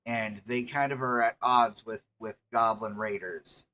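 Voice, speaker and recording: A man narrating as game master in a tabletop game, halting and restarting often with fillers. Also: on the low side, fairly even intonation, bright, forceful tone, a little hiss or hum.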